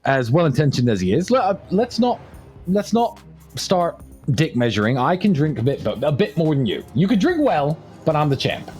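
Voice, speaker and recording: A man's voice: on the high side, normal speed, faint music behind. A man from England, a podcast host, telling a casual story and acting out the quotes with gusto. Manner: animated storyteller, acts out quotes.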